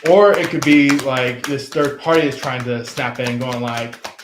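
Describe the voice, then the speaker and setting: A man giving a casual tarot reading, rambling and halting with many fillers. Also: mid-range voice, noisy background. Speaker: tarot reader. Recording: roomy echo.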